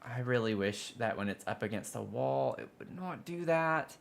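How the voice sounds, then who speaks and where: This streamer's voice is medium-pitched and creaky, with lively intonation and a normal speed. Playing a building game live, he chats casually, complains about bugs, and lets out frustrated, dramatic groans when things go wrong.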